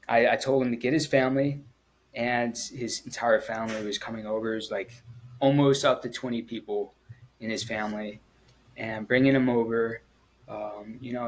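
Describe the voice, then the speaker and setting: A man, a former Marine, telling his story in an interview in a halting, earnest way, with frequent pauses and restarts. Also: medium pitch, poor audio. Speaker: guest, former Marine at the Kabul airport evacuation.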